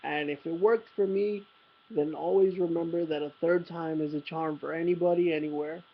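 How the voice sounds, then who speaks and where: A man's voice: a little high, fairly even intonation, moderate pace, dull audio. A young man vlogging, telling a rambling, profane story about a night out with self-mocking humor. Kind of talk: casual storytelling.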